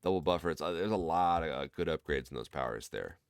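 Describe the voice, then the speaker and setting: A man with a Midwestern accent, casually commenting on his own card game run and thinking out loud to viewers. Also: rumbling low, lively intonation, fast, clear, resonant tone, no echo. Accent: American Midwest. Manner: thinks aloud, explains card choices to viewers. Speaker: gameplay commentator. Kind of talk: relaxed let's-play commentary.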